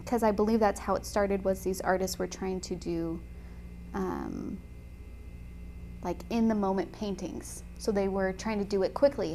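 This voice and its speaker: A woman teaching watercolor painting in a chatty, enthusiastic way, often pausing with "um" while she talks. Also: medium pitch, gravelly, darkish tone, slight background noise. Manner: chatty and enthusiastic, frequent "um" fillers. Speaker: watercolor instructor. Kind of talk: casual tutorial chat while painting.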